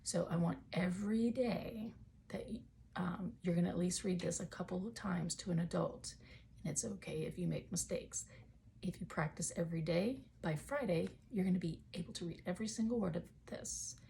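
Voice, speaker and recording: A woman's voice: lowish voice, moderate pace, creaky, dark tone, slight background noise. A woman teaching a phonics lesson to young children from home, talking in a patient, encouraging way.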